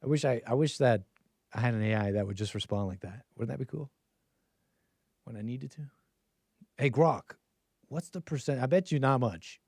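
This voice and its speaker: A man hosting a call-in livestream, chatting loosely and chuckling through his own jokes. His voice sits at an ordinary male pitch and sounds close and dry, with no room around it. He rambles from point to point in a casual way. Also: brisk, creaky, a little mellow, no echo. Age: adult with a child. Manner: rambling, joking, laughs often mid-sentence. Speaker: call-in show host.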